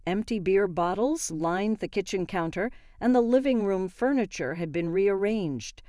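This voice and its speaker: A woman narrating a first-person story in a steady, matter-of-fact way. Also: medium pitch, unhurried, no echo, studio quality.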